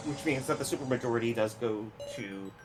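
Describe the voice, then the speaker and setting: A woman's voice: a bass voice, brisk, music in the background. A woman co-streaming a game in casual chat, blunt and explaining things, with some swearing.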